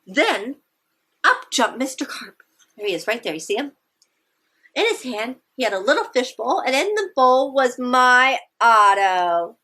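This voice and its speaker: A woman reading picture books aloud to young children, animated and encouraging, often asking her listeners questions. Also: on the high side, unhurried. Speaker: children's storytime presenter.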